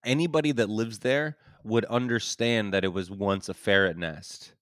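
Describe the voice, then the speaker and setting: A man telling a story in casual chat, laughing often, swearing and acting out the quotes loudly. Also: fairly low pitch, moderate pace, dry recording, studio quality.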